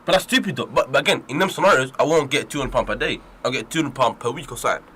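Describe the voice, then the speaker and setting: A young man co-hosting a radio talk show, joking fast and stumbling over his words. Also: mid-range voice, bright, forceful tone, breathy edge. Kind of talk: casual banter.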